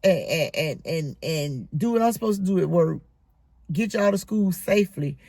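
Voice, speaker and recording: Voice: medium pitch, animated, normal speed, darkish tone, no echo. A middle-aged school bus driver delivering a scolding, emphatic monologue about rude children. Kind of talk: casual monologue vlog.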